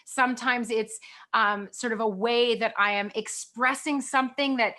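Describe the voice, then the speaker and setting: Bright, animated woman guest. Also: on the high side, moderate pace. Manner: lively, expressive, often laughing. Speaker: guest actress. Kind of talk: candid conversation.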